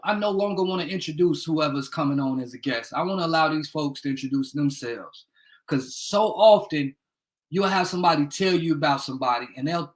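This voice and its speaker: In poor audio, a young man streams casually from a bedroom in Indiana, his fairly high voice a bit bright. He rambles, swears without restraint, and shouts out viewers by name.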